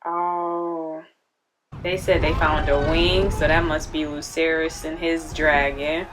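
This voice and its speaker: A woman's voice: low voice, little pitch movement, takes it slowly. A woman hosting a casual reaction video, chatting and talking back at the screen.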